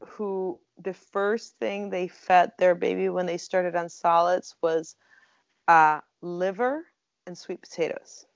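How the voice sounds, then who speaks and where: A woman co-host talking casually and teasing her friend. Her voice sits a little low, with a gravelly edge. The recording is dull and close, with no room sound. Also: fairly even intonation, takes it slowly, dry recording. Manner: chatty, laughs often, teasing. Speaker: podcast co-host. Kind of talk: casual chat.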